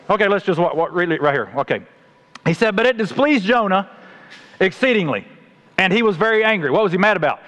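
A man preaching a sermon, telling the story with animated acted-out voices. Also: sits high. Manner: animated storytelling, acts out voices of God and Jonah.

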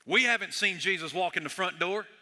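Bright-voiced preacher in an echoey hall. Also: male voice, high voice, brisk. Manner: conversational and joking, swinging from hushed to loud. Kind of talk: sermon.

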